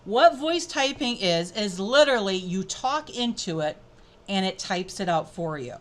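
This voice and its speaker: A woman presenting an upbeat, chatty software tutorial as she clicks through a screencast. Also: mid-range voice, animated, unhurried. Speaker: edtech presenter.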